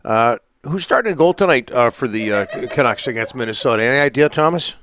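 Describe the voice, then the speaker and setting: Brief: male sports radio host, mid-pitched, loose delivery full of fillers, dry close mic. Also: lively intonation, fairly bright tone, no room sound. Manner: casual, halting reads with many fillers. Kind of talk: sports talk radio hosting.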